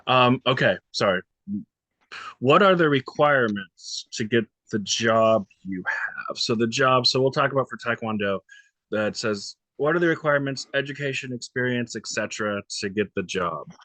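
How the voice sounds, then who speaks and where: A man's voice: mid-range voice, animated, unhurried, bright, forceful tone, no echo. A young man interviewing his former coach for a class, friendly and informal, reading questions off a list. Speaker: student interviewer. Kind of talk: casual interview.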